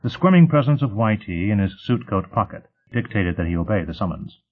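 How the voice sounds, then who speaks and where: A man narrating an audiobook in a steady, measured reading voice, heard through tinny phone-like audio. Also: on the low side.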